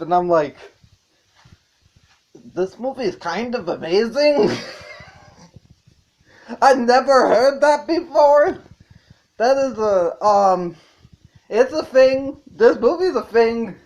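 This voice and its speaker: A man's voice: high-pitched, highs cut off. A man reviewing a movie in a casual, rambling way, swearing and chuckling as he goes.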